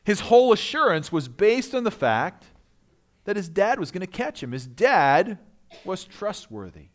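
A man's voice: high voice, sing-song, unhurried, a bit bright. A man, a pastor, preaching a sermon in a conversational way with asides.

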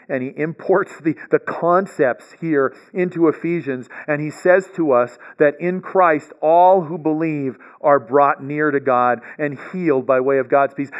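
A man's voice: on the high side, lo-fi sound. A man giving a bible lecture, explaining step by step and often checking in with "right?". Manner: explanatory, frequent "right?" check-ins and restarts. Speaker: bible teacher.

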